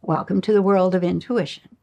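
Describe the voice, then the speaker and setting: A middle-aged woman giving a spiritual lesson, an animated storyteller who acts out the dialogue in her own stories. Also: fairly low pitch, fairly quick, creaky. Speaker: spiritual teacher. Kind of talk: recorded lesson with personal stories.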